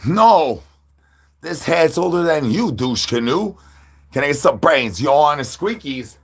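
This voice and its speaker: A man's voice: a little high, big pitch swings, a little slow, breathy edge. A man chatting with viewers on a livestream while standing outdoors, playful and full of goofy catchphrases and animal noises.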